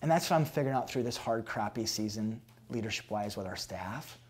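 A pastor in his thirties answering interview questions candidly, acting out past conversations with animated storytelling. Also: lowish voice, a little fast. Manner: animated storytelling, acts out dialogue.

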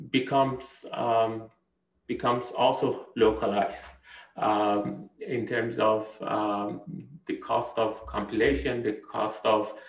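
A man's voice: medium pitch, gravelly, roomy sound, rough recording. A man giving a university lecture, hesitant, with many fillers and restarts, often checking in with "right?". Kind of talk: recorded lecture.

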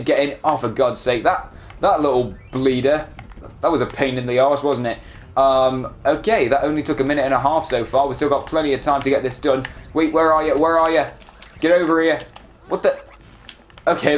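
A man giving casual, excitable commentary while playing a video game and talking back to it. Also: mid-range voice, slight background noise. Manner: chatty, excitable, self-deprecating, talks to the game. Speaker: let's play gamer.

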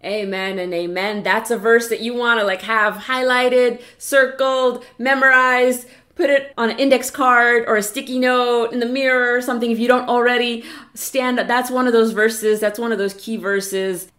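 A woman preaching a chapel message, earnest and encouraging, slowing down to read scripture aloud. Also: fairly high pitch, level tone, fairly bright tone. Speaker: chapel speaker. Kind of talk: sermon.

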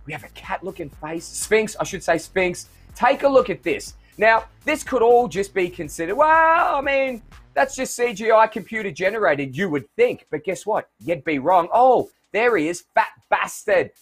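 A man's voice: sits high, a bit bright. A man hosting an online show in a playful, theatrical, jokey way. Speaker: host.

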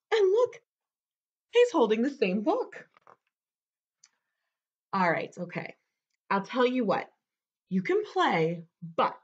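A woman's voice: medium pitch, muffled recording. A woman voicing a bossy, playful male book character who exclaims and coaxes the listener into actions.

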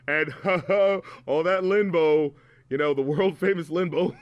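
A man with a somewhat high voice rants through a rap album review, profane and mocking. The sound is close and dry, with no room around it. He talks in a loose, casual podcast chat. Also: unhurried, no echo, lo-fi sound. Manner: profane, mocking, animated ranting.

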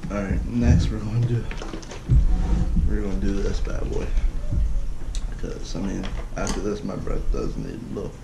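A man's voice: on the low side, moderate pace, gravelly, long pauses. A man chatting casually through a taste-challenge vlog, exclaiming and groaning at what he tries. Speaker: vlogger. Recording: echoey room with loud background noise.

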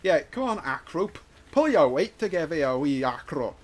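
A man giving live gameplay commentary, excitable and trash-talking, swinging from muttering to shouting. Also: on the high side, normal speed. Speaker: gaming YouTuber.

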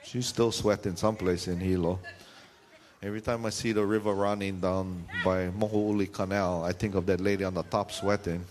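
A man preaching a sermon, telling a funny story and jumping into high squealing voices for the people in it. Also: normal speed. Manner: animated, jumps into high squealing voices for the people in his stories.

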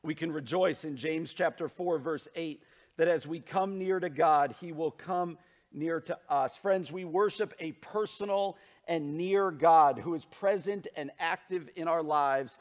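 A man preaching a sermon as pastor, earnest and emphatic, dropping low and soft when he turns to scripture. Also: unhurried.

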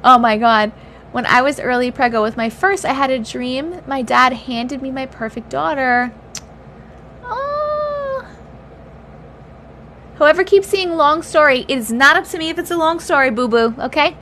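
A woman with a slightly high voice hosts a livestream, reading viewers' stories aloud and reacting between lines. She is chatty and blunt as she teases her viewers. A faint noise sits behind her. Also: a bit bright. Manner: reads aloud with feeling, pausing to react.

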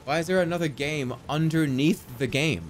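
A man streaming a video game, casually chatting and telling a long, excitable story, swinging from low mumbles to yelps. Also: normal speed, slight background noise. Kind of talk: casual gameplay commentary.

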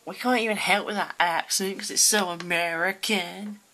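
A woman chatting casually while playing a game, in a dry, deadpan way. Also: medium pitch, moderate pace, slight background noise. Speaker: gamer.

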